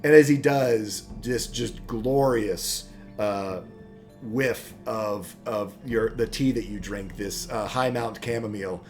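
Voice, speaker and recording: A man's voice: fairly low pitch, slow, a little mellow, faint music behind. A man from the United States running a tabletop game, narrating with lots of fillers and restarts. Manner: rambling, filler-heavy storytelling. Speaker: game master.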